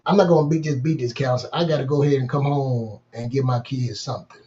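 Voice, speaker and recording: A man's voice: medium pitch, quick pace, warm tone, lo-fi sound. A middle-aged man hosting a podcast, telling a personal story in an emphatic, repetitive, vernacular way. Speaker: podcast host.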